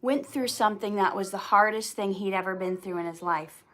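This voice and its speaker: A woman hosting a casual livestream, clearing her throat often and restarting her sentences as she tells a personal story, sounding teary. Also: medium pitch, fairly quick, fairly bright tone. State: teary, emotional. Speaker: YouTube channel host answering viewer questions.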